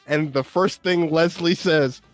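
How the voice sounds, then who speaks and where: Male co-host, slightly higher voice, dry close mic, faint music under him; animated, profane storyteller. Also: measured pace, dry recording. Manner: animated storyteller, laughs often, swears freely. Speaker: podcast co-host. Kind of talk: casual gaming podcast chat.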